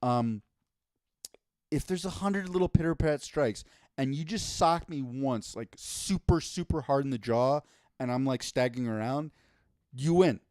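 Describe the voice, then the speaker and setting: A man's voice: medium pitch, measured pace, darkish tone, dry recording, clean studio sound. A man co-hosting a casual podcast, ranting with exasperation and lots of swearing. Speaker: podcast co-host.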